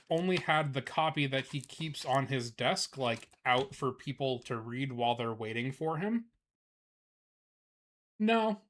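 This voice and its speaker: Man, live streamer, casual chat, fillers, slow pace, kids' book reading. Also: on the high side, a bit bright. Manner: casual, filler-heavy, unhurried, swears.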